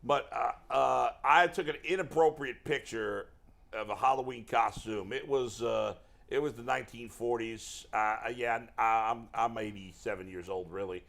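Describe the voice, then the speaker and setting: A man's voice: mid-range voice, normal speed, vocal fry, fairly bright tone. A man playing an elderly male baseball manager in a put-on Southern accent, rambling through a confession. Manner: rambling, self-interrupting confession.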